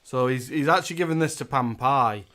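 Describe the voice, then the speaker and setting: A man's voice: mid-range voice, fairly quick, a bit bright. A man hosting a casual live stream, chatty and giggly as he reads out thank-yous. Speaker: host.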